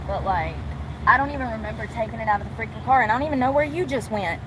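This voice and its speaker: A woman's voice: fairly high pitch, fast, a bit bright. A young woman, rambling and swearing freely as she livestreams from a phone around her vehicle. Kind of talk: casual livestream chat. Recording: vehicle noise behind voice.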